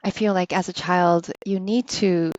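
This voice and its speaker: A woman's voice: on the low side, fairly even intonation, normal speed, a little mellow, no room sound. A woman from Hawaii hosting an interview, listening attentively and often murmuring agreement. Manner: attentive, frequent affirming murmurs. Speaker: host. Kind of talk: conversational interview. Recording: dry, dull lo-fi sound.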